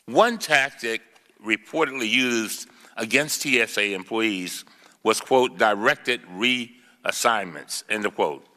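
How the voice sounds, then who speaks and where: In a large congressional hearing room, a congressman delivers an emphatic formal statement, reading quoted testimony aloud and stressing key words. His voice is medium-pitched and sharp, with a big-room sound.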